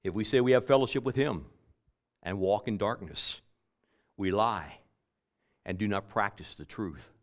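A man preaching a sermon, repeating key phrases and swinging between loud emphatic lines and quiet, trailing endings. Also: on the low side, measured pace, pauses often.

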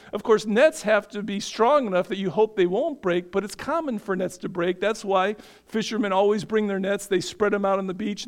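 A man from northeastern Pennsylvania preaching a sermon, often asking the congregation questions and answering them himself. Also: high voice. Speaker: pastor.

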